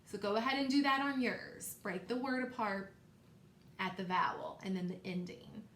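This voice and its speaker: A woman teacher leading a recorded phonics lesson for young children, slow and encouraging, repeating sounds for them to echo. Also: mid-range voice, a bit bright, a little hiss or hum.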